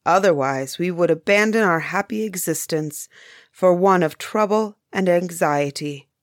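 A woman's voice: fairly low pitch, measured pace, dry recording, studio quality, natural voice. A woman voicing a stern, grave old male master of the forest in a bedtime storybook reading. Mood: solemn. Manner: grave, commanding.

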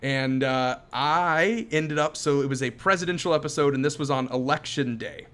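A man's voice: mid-range voice, moderate pace, a bit bright. A man in his thirties co-hosting a podcast, chatting in an upbeat, easily amused way. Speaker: podcast co-host. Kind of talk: casual chat.

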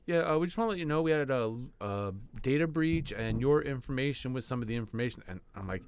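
A podcast co-host who is also a teacher speaks fast with a medium pitch and lively intonation, animatedly telling casual stories, acting out quotes, and laughing often. The audio is smooth, with no echo.

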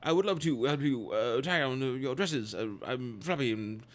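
A stammering, self-loathing young Englishman, as a man puts him on with a put-on English accent. He fumbles and stutters through every phrase, his voice pushed a little higher than his own. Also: normal speed, close to an everyday voice. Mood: flustered.

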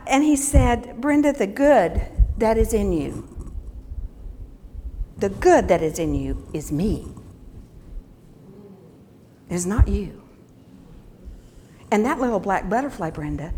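A woman's voice: medium pitch, expressive, slow, long pauses, a little hiss or hum. Earnest woman giving a sermon. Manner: earnest, storytelling, soft and reflective in places. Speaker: teacher giving a devotional talk.

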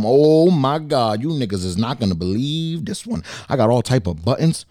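A man hosting a casual solo podcast from his bedroom, energetic and swearing constantly. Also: mid-range voice, a little fast, hardly any pauses, no echo, studio quality. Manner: energetic, swears a lot, jumps between hype and mock sadness. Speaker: podcast host.

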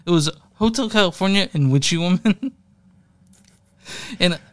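A man's voice: high voice, moderate pace. A young man co-hosting a music podcast, rambling casually, laughing often and swearing offhand. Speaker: podcast co-host.

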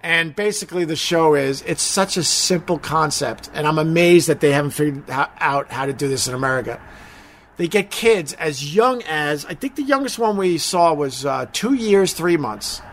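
A man's voice: a little high, expressive, moderate pace, fairly bright tone, a little hiss or hum. A middle-aged man chatting casually on a live stream, rambling, mocking himself and swearing freely.

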